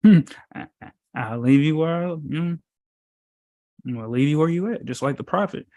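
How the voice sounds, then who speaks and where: A man's voice: a little high, lively intonation, moderate pace, warm tone. A man co-hosting a casual podcast chat in an easygoing, joking way. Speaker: co-host.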